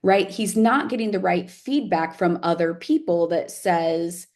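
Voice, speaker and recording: Woman teacher, lowish voice, warm mellow tone, chatty reflective talk, keeps asking right?. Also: moderate pace, hardly any pauses. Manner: conversational, often checks in with "right?" and "like". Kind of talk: casual reflective talk to camera.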